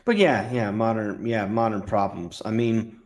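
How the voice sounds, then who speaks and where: A man's voice: on the low side, steady tone, a little slow. A man hosting a podcast, trading wry, provocative jokes in casual chat. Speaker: podcast host.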